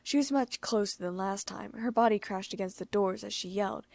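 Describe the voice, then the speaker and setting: Gravelly woman reading a fanfiction story. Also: no echo. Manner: brisk reading, raising pitch for excited characters. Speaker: audiobook narrator. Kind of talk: first-person fanfiction reading.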